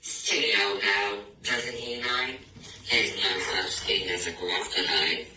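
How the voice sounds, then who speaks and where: A man's voice: lowish voice, little pitch movement, takes it slowly, pushed and bright, full character voice. A man voicing a small, clever, bluffing mouse in a picture-book reading, in a playful sing-song voice. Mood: cheeky. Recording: echoey room, distant mic, noisy.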